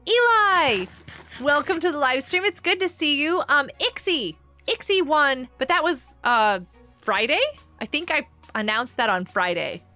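A woman's voice: sits high, animated, normal speed, pushed and bright, faint music behind. A woman hosting her own game server on a live stream, chatting casually with viewers, bubbly and giggly, reading their messages aloud.

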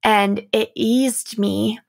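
A young adult woman hosting a reflective solo podcast as a coach, speaking softly and earnestly with light laughs. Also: fairly high pitch, fairly even intonation, very slow, gravelly.

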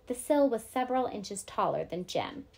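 A woman teacher reading a novel aloud to her class, steady and clear. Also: a little high, normal speed.

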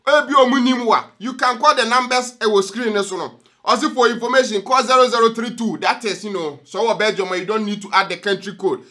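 A young Ghanaian man hosting a news reaction vlog, lively and jokey, switching between languages as he talks. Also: very high voice, brisk. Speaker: vlog host.

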